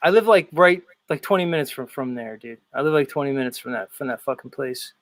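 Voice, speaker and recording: Fast-talking Philly-accented guy, dude and bro. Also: mid-range voice, no echo. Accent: Philadelphia. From southern New Jersey. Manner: fast, excitable, slangy, says dude and bro. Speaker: guest. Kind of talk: casual conversation.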